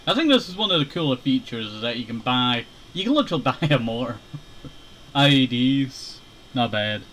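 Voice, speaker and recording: A man's voice: mid-range voice, expressive, moderate pace, a bit bright, slight background noise, poor audio. A young man casually chatting while playing a shooter game, laid-back and rambling, chuckling often. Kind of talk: casual gaming commentary.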